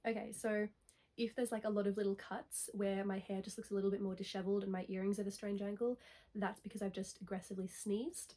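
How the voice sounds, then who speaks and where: A woman's voice: medium pitch, little pitch movement, fairly quick, dark tone, slight background noise. A young woman with a congested, nasal voice from a cold, chatting casually to camera in a rambling way that keeps correcting itself. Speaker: knitting vlogger.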